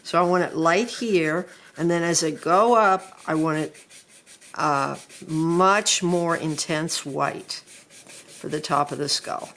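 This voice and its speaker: Middle-aged woman art teacher: low, a bit gravelly, relaxed classroom chat while she draws. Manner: chatty, unhurried, thinks aloud while drawing. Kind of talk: drawing lesson talk.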